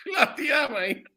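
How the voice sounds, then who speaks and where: A man chatting from home over a video call, forever breaking into laughter and throwing "mate" into every sentence. His voice sits high and bright, with big swings in pitch. He takes his time between fits of laughing. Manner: laughs constantly, says "mate" a lot. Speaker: podcast guest, football fan. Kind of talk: casual chat. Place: at home, wife nearby.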